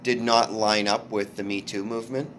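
A man hosting a casual podcast chat, telling stories haltingly with restarts and swearing. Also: fairly low pitch, flat delivery, fairly bright tone, slight background noise. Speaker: podcast host, comedian.

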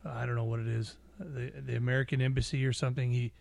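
A man's voice: medium pitch, little pitch movement, fast, vocal fry, darkish tone, no room sound. A man co-hosting a podcast in casual chat, making dry, laid-back short remarks. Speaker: podcast co-host.

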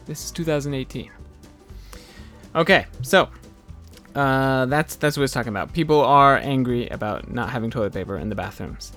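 A man's voice: medium pitch, brisk, soft background music. Chatty man teaching English vocabulary. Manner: relaxed, chatty, ranting with filler words. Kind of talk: casual spoken English lesson.

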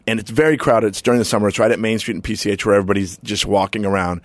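A man's voice: fairly low pitch, rapid-fire, dry recording. A man hosting a casual podcast chat, telling stories and laughing often. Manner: animated storyteller, laughs often. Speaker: podcast host.

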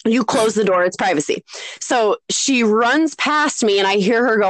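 A woman's voice: moderate pace, no echo. A woman in her thirties, a podcast co-host, telling a story in casual chat, acting out other people's voices and laughing often. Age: 30s. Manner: animated, acts out quoted voices with big pitch jumps.

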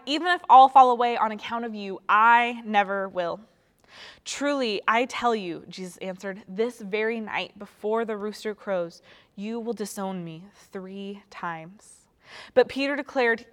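A young woman teaching from the Bible in a casual, chatty way, telling stories with playful asides. Her voice sits fairly high. A long reverb trails behind her words. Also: a bit bright.

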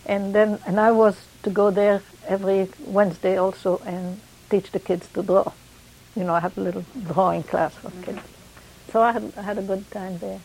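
A woman's voice: mid-range voice, flat delivery, moderate pace, vocal fry, a little mellow, slight background noise, low-quality recording. An older woman chatting casually about her memories, wandering a little and laughing along. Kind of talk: casual reminiscing.

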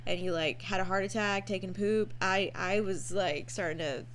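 A woman's voice: mid-range voice, fairly even intonation, moderate pace, a little hiss or hum. A woman co-hosting a podcast, chatty and teasing in casual conversation. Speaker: podcast co-host. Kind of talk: casual chat.

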